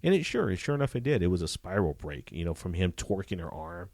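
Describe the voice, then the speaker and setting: A man, a former police detective, telling profane, animated stories from his career in a casual interview. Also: sits low, brisk, no room sound. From Southern California. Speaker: retired police detective, guest.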